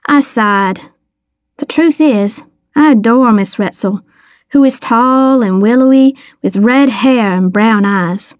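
A woman reading a first-person story with wry, deadpan humor. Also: a little high, slow pace, no room sound, clean studio sound. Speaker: audiobook narrator.

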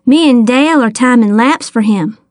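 A woman voicing a brash, blurting preteen girl with a cheeky, loud manner. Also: on the high side, moderate pace, no echo, studio quality, natural voice. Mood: blunt. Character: brash, blunt preteen girl, sixth grader.

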